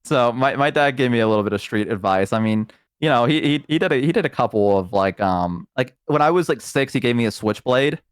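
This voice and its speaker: A man's voice: medium pitch, expressive, brisk, smooth, no room sound. Man spinning rambling stories, dry sound. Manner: rambling storyteller who acts out quotes. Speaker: guest streamer. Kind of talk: casual chat.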